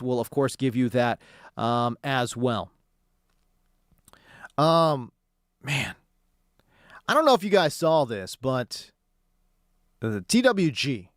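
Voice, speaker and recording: A man's voice: a little high, no echo, studio quality. A man hosting a sports talk radio show, talking in a slangy, sarcastic way. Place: radio studio.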